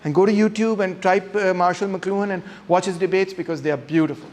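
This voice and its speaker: A man giving a classroom lecture, talking straight to students without a microphone and acting out intonation with emphatic, animated delivery. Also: high-pitched, a little fast. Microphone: no microphone, unamplified voice.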